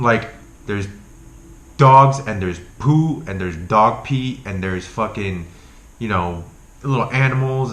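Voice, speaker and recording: A young man vlogging at home, talking loosely and swearing often, with lots of ums and likes. His voice is deep yet bright and forward. The room sounds echoey, with a faint hiss behind him. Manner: profane, animated, lots of filler words. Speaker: health vlogger. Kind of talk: casual vlog rant and talk.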